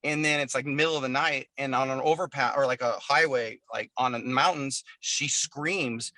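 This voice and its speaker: Bright-voiced man telling a rambling story. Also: mid-range voice, steady tone, normal speed, dry recording. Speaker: musician guest. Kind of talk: casual interview chat. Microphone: video call.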